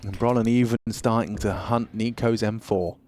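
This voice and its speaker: A man calling a live esports match, energetic and quick to shout at big plays. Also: lowish voice, heavy background noise. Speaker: esports play-by-play caster. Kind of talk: excited live game commentary. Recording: loud in-game gunfire behind. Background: loud gunfire and clicks from the match.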